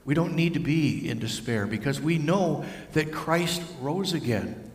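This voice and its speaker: A man's voice: fairly high pitch, animated, measured pace. Man preaching in an echoey hall. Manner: storytelling, varies voice for figures. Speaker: pastor. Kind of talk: sermon. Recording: echoey hall with long reverb.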